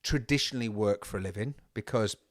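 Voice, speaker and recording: Animated man with a dry close sound. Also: fairly low pitch, fast, dry recording. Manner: animated, rambling with many restarts. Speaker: podcast guest. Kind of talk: casual chat. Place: indoors on a converted bus.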